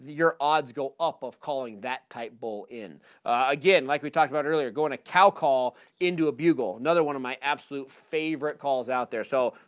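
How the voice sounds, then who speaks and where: A man presenting a live talk to an audience on a handheld mic, casual and energetic, with lots of fillers. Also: mid-range voice, moderate pace, hardly any pauses, slight background noise. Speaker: hunting seminar presenter.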